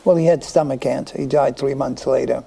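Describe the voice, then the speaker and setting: A man appearing as a psychic guest on a studio talk show, speaking in a halting way with many ums and restarts. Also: medium pitch, fairly even intonation, gravelly, warm tone, slight background noise, rough recording. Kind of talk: interview conversation.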